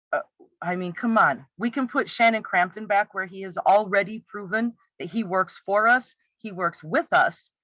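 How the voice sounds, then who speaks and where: Commentator, exasperated and sarcastic, tense bright tone, dull dry recording. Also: medium pitch, no room sound. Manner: sarcastic, exasperated rhetorical questions. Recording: slightly muffled, dry.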